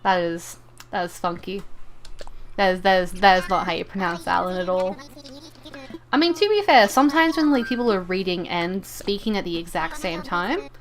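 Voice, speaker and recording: A woman's voice: lowish voice, moderate pace. A woman streamer chatting casually to her viewers while she plays, rambling and playful, often stumbling and repeating her words. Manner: playful, talks to viewers and game characters. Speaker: live streamer. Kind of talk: casual live-stream chat while gaming.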